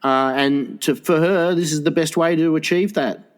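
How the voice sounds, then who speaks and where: Crude, teasing man with a slightly high voice. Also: steady tone, moderate pace. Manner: crude, teasing, laughs often. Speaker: podcast co-host. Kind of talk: casual comedy chat.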